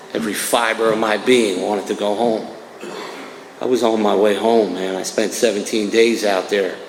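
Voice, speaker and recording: This New Jersey man has a lowish voice, with slight background noise in the recording. Speaking as the AA speaker at a recovery meeting, he tells his story in a casual, streetwise way, often circling back to "man." The church hall echoes with long reverb.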